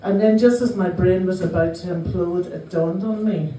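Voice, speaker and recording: A Northern Irish woman in her fifties performing a stand-up set, telling self-mocking stories with quick dry asides. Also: lowish voice, steady tone, mellow, a little hiss or hum. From Northern Ireland. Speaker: stand-up comedian. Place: small comedy club. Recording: roomy live venue, mic heard from a distance.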